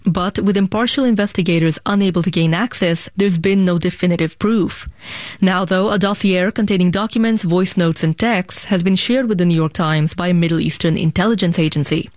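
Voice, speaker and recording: A news reporter with a notably high voice for a man, reading a scripted piece in a crisp, even way. The sound is dry and close. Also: brisk, no echo.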